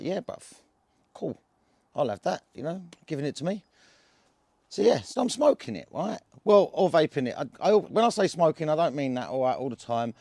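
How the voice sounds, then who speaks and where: A man's voice: fairly high pitch, a little mellow, dry recording. A man with an Essex accent, telling a story to camera in a casual, rambling way, full of slang and restarts. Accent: Essex English. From England. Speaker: cannabis vlogger.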